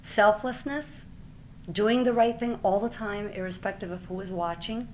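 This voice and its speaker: A woman in her forties from Puerto Rico gives an awards speech in a mid-pitched voice. She tells her story with lively warmth and often slips into acting out the conversations she recalls. A faint hum of noise sits under her voice. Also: normal speed. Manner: lively storyteller who acts out the exchanges she retells. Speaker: award recipient giving a speech.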